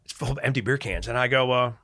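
Animated, profane veteran man telling stories. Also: medium pitch, fast talker, no echo, clean studio sound. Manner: animated and profane, laughing as he talks. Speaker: podcast guest, military veteran. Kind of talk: casual storytelling.

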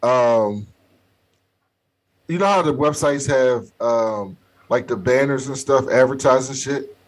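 A man's voice: mid-range voice, slow pace. A man from Baltimore co-hosting a podcast, chatting casually, laughing often and swearing freely. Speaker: podcast co-host. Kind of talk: casual chat.

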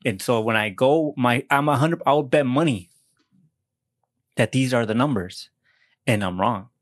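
A man's voice: medium pitch, a little slow, dry recording, studio quality. A young American man in casual podcast chat, rambling and self-deprecating, swearing often and restarting his sentences. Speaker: podcast co-host.

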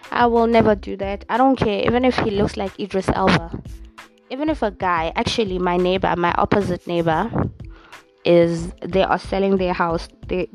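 A woman's voice: on the low side, creaky. A young South African woman hosting a solo podcast, ranting bluntly and sassily with lots of swearing. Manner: blunt, profane, sassy. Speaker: podcast host. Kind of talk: casual solo rant.

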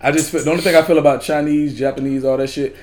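A man's voice: fairly high pitch, fairly even intonation, rapid-fire, a little mellow. A man in casual group chat, blunt and profane, often breaking into laughter.

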